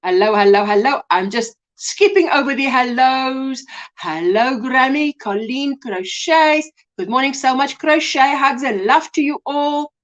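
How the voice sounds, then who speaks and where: A woman's voice: sits high, expressive, unhurried. A South African woman hosting a crochet livestream, chatting casually, greeting viewers by name and calling them sweetheart. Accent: South African English. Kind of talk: casual live chat reading comments.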